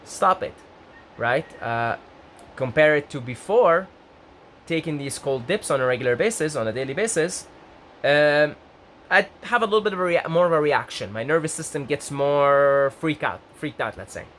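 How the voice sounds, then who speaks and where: A young man talks casually to his viewers, rambling and restarting his sentences. When he gets excited his voice leaps up high, then settles back down. A faint hum of background noise sits behind him. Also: normal speed. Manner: rambling, self-interrupting, lively pitch jumps when excited. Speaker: vlogger. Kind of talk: casual talk to camera.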